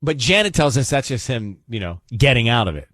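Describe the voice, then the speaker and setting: A man's voice: medium pitch, sing-song, fairly bright tone, no room sound. A man hosting a morning radio show, chatting and joking with co-hosts and callers. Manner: joking, teasing, quick laughs. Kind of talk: casual morning radio banter.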